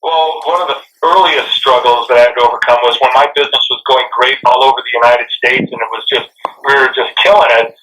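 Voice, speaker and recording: A man's voice: mid-range voice, quick pace, distant mic, slight background noise, poor audio. A man, a guest author and speaker, telling stories in an interview and acting out the dialogue. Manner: animated, acts out quoted dialogue. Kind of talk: interview storytelling.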